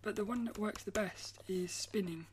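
A woman artist chats casually to camera at an everyday middle pitch. Her voice is soft and slides into a breathy half-whisper as she rambles and circles back over her own words. A faint hiss sits under the recording. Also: moderate pace. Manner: rambling, repeats and restarts phrases. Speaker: artist vlogger.

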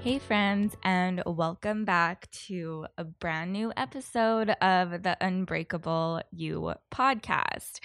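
A woman's voice: on the low side, a bit bright, clear, resonant tone, dry recording, studio quality. A woman hosting her own podcast, chatting casually and rambling a little, with a froggy morning voice. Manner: rambling, chatty, self-correcting. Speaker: podcast host. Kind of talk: casual solo podcast intro.

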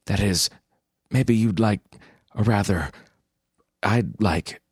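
A man's voice: on the low side, slow, breathy edge, no room sound, studio quality, exaggerated voice. A man doing a tongue-tied, fumbling man. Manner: stammering, fumbling.

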